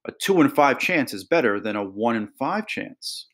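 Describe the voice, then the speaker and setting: A man voicing an eager young boy who loves numbers, talking excitedly and explaining. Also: mid-range voice, normal speed.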